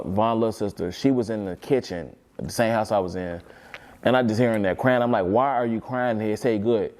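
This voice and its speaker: A man's voice: lowish voice, a little mellow. A man talking as an interview guest, telling a long story in a rambling, repetitive way and swearing freely.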